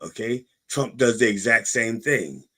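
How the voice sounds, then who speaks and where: A man hosting a podcast in a casual, digressive monologue. His voice is low and husky. It rises and falls widely while he rambles and interrupts himself. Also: lively intonation, a little slow, bright, forceful tone. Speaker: podcast host.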